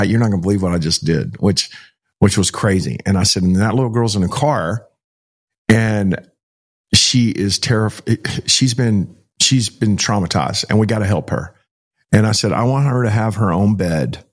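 A middle-aged man, a pastor, telling a personal story in an interview, acting out the dialogue and using "like" often. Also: on the low side. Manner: animated storytelling, acting out dialogue with many "like" fillers.

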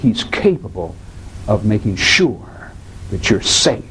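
Dramatic preacher man, lively pitch. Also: takes it slowly, slight background noise, poor audio. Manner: dramatic, swings from low hushed tones to high cries when quoting; addresses listeners as "beloved". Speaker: pastor. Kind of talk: sermon.

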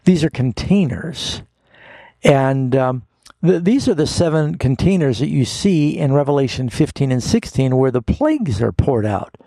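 A man's voice: mid-range voice, animated, normal speed, warm tone, no echo. A man hosting a call-in Bible radio show as a pastor, answering callers' questions in a folksy, explanatory way and reading scripture aloud.

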